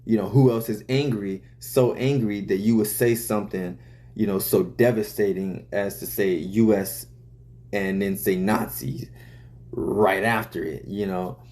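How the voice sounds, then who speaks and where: A man's voice: on the low side, steady tone, unhurried, mellow. A man, a rapper, casually explaining the story behind his song's lyrics in loose, profane talk full of fillers.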